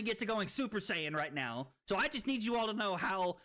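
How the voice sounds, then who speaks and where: Tipsy male streamer, bright, swings wildly in pitch, swears, yells when hyped. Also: a little fast. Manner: excitable, swearing, bursts into yelling. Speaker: card game streamer. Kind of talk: live-stream banter.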